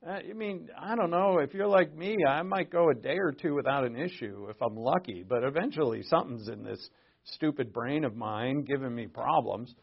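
Male Bible study teacher, middle pitch, conversational with asides, muffled low-fi recording. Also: moderate pace, gravelly, husky. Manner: conversational, with offhand asides and swings between loud emphasis and quiet. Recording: dull lo-fi recording.

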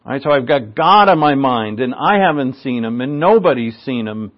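A man of middle pitch gives an expository Bible lesson. He leans hard on key words and clears his throat often. The recording is a little dull and lo-fi. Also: expressive, normal speed. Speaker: Bible teacher. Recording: slightly dull lo-fi sound.

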